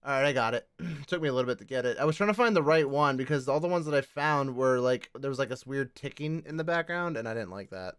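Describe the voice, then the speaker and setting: A man hosting a live stream chat, animated, laughing often and swearing casually while he edits audio. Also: medium pitch, quick pace, hardly any pauses, clear, resonant tone, dry recording. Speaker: host.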